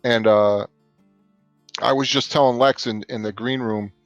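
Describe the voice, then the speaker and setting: Excited male guest on a dull call line. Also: mid-range voice, a little slow, no room sound, faint music behind. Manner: excited, animated, talks in bursts. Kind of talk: casual chat. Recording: dull, dry call audio.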